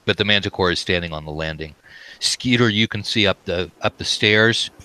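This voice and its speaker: Game master: man with a low, crisp voice, halting and relaxed, full of ums. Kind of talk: running a tabletop game.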